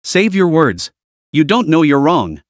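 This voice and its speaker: A man's voice: fairly high pitch, big pitch swings, unhurried, dry recording, clean studio sound. A man voicing a cold, merciless young avenger. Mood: cold scorn. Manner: cold, scornful.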